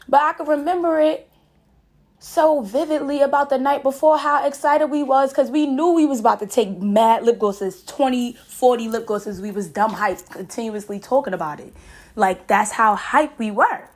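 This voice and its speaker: A podcast host in her late twenties tells a story in a casual, animated, profane way, laughing often. Her voice is a little high.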